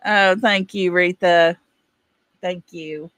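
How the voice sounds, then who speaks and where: A woman's voice: lowish voice, fairly even intonation, very slow, long pauses, fairly bright tone, dry recording. A middle-aged woman with an East Texas accent, hosting a livestream and chatting casually with viewers in a folksy way while laughing often. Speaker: livestream host. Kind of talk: casual chat reading viewer comments.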